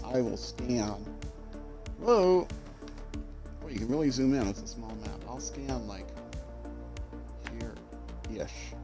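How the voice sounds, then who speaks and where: A man's voice: medium pitch, creaky, darkish tone. A man giving casual gameplay commentary as a streamer, rambling and correcting himself, with jokey asides. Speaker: game streamer.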